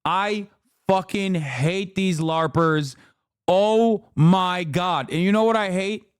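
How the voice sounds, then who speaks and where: A man's voice: sits high, takes it slowly, clear, resonant tone, no echo, studio quality. A man streaming a reaction, ranting angrily and profanely with mocking impressions. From Turkey. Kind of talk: profane heated commentary.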